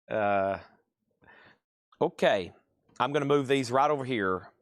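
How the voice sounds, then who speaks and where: Brisk man calling out bids. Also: mid-range voice, lively intonation, no echo, clean studio sound. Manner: brisk, rattles off prices and names, hums to himself. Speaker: host of a live record sale. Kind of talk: live sales stream, calling bids.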